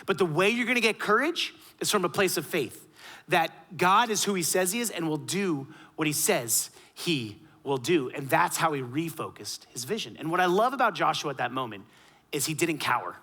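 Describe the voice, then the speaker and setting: A man with a fairly high, bright, forceful voice delivers a sermon from the pulpit. He rises to loud, punchy emphasis, then drops to soft, low asides. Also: expressive, normal speed. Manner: dynamic preaching, swinging between loud emphasis and quiet asides. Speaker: pastor.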